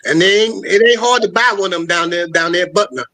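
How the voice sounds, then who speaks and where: A man's voice: high-pitched, fast, pushed and bright. A man on a casual podcast chat, talking emphatically and with a lot of cursing, insisting everyone listen. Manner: emphatic and profane, insists the listeners pay attention.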